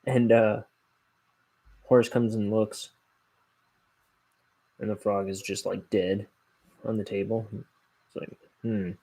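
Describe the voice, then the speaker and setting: Slow, gravelly man chatting while drawing. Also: on the low side, flat delivery, mellow, low-quality recording. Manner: rambling, self-deprecating, trails off into mumbles. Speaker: artist streaming his inking work. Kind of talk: casual chat while drawing.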